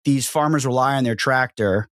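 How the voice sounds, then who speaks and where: A man's voice: mid-range voice, normal speed, a bit bright, no room sound. An American man hosting a podcast, talking in loose, rambling runs full of restarts. His voice sits mid-range and is recorded close and dry, with no room sound. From United States. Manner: rambling, repeats himself, says "like" a lot. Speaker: podcast host. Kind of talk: casual interview chat.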